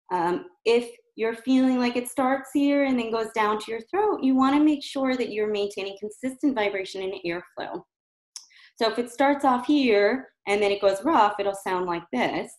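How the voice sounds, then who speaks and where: A woman voice therapist giving a calm, patient exercise lesson, demonstrating soft hums and chanted syllables. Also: medium pitch. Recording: roomy echo.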